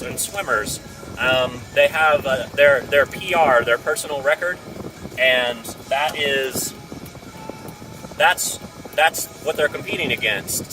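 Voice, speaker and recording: Higher-voiced man musing aloud, distant mic. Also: noisy background. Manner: thinks aloud, loose and searching, with frequent restarts. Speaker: speaker sharing a business idea. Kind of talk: casual thinking-aloud monologue.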